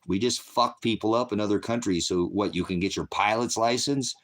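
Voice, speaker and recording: A man's voice: low-pitched, moderate pace, pauses often. A man hosting a livestream, delivering an angry, profane rant with sudden outbursts. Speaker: livestream host. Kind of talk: ranting livestream monologue.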